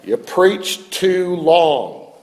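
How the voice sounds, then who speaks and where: A male pastor voicing a grumpy little old man who bluntly complains in slow, raised tones. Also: high-pitched, big pitch swings, darkish tone, big-room sound, full character voice. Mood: grumbling.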